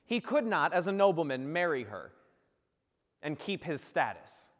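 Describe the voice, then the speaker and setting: A man's voice: a little high, sing-song, measured pace, long reverb tail. A man preaching, telling a saint's story in a joking, playful way and acting out the characters. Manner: playful, jokey storyteller who acts out the characters. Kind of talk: humorous storytelling homily.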